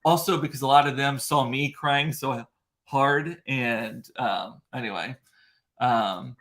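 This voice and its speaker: This male livestream host speaks slowly in a medium-pitched, slightly bright voice, rambling casually in a chatty, emotional way with frequent fillers and restarts. He talks into a computer mic positioned in front of a ring light.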